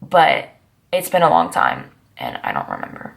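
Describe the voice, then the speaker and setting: A young woman in her twenties rambles through old memories in a confessional vlog. She talks casually, with a gravelly fry in her voice and sassy little asides. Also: sits low, huge pitch swings, moderate pace. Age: 20s. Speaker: vlogger.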